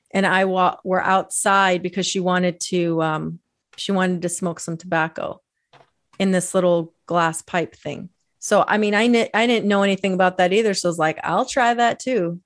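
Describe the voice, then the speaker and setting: A woman telling personal stories in a casual podcast chat, talking loosely with many fillers and laughing as she goes. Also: lowish voice. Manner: chatty, storytelling with lots of fillers and laughs.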